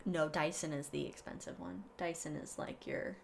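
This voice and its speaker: A woman's voice: sits low, fairly even intonation, normal speed, creaky, slight background noise. A woman co-hosting a casual podcast, rambling and giggling, with lots of restarts. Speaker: podcast co-host. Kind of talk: casual chat.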